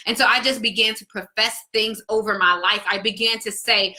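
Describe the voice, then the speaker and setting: A woman's voice: a little high, brisk, hardly any pauses, bright, forceful tone. A young woman vlogger talking earnestly and emotionally to her viewers about faith, with many restarts. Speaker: vlogger and faith-based business coach. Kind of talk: casual heartfelt talk to camera.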